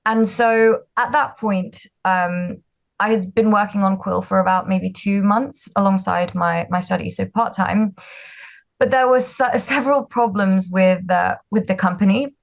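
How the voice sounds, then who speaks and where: A woman's voice: medium pitch, fairly even intonation, a little slow, gravelly. Young woman, founder guest; chatty, self-deprecating, filler-heavy storytelling. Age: 20s. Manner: chatty, frequent ums and likes, self-deprecating. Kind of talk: casual interview storytelling.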